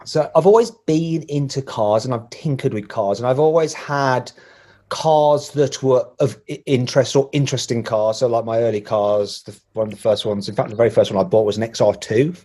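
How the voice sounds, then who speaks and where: A man's voice: mid-range voice, steady tone, normal speed, mellow. Man, Black Country accent, podcast guest, self-deprecating, laughs a lot, rambling chat. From England, Walsall. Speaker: guest, motoring journalist. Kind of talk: casual interview chat.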